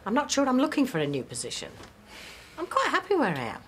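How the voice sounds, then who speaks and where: A woman's voice: high voice, huge pitch swings, quick pace, slight background noise. An actress playing a visiting female doctor who is polite but doubtful. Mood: skeptical. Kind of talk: TV drama acting.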